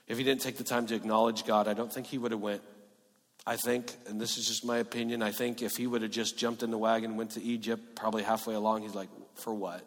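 A man preaching a sermon in a church hall, earnest, moving between emphatic and hushed delivery. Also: fairly low pitch, level tone, fast talker. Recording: echoey hall reverb.

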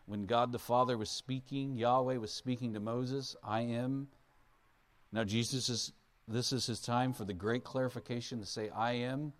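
A man's voice: mid-range voice, steady tone, moderate pace. A man preaching a sermon as a pastor in a conversational way, asking the listeners questions. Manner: conversational, asks the audience questions; acts out Bible figures in playful voices.

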